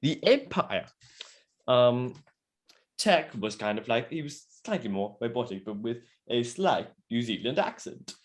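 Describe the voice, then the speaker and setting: A man's voice: mid-range voice, sing-song, measured pace. A young man hosting a casual podcast chat, joking and teasing his co-host.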